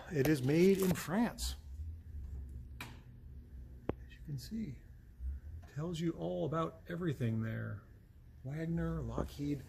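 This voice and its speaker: A man's voice: a little high, a little mellow. A man giving a casual, chatty walkaround of a car as he works on it, thinking aloud and easily amused by what he finds. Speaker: car mechanic showing a car.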